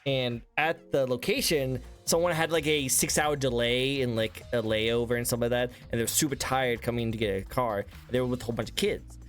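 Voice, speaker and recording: A man hosting a casual interview chat, excitable and rambling, laughing often. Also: mid-range voice, fairly quick, hardly any pauses, faint music behind. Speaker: host.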